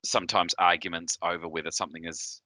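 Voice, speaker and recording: A podcast host with a Southern New Zealand accent chats casually in a very low, bright, forceful voice. He hesitates often and circles back with fillers and restarts. The sound is dry and close. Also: flat delivery, fast, dry recording. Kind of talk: casual chat.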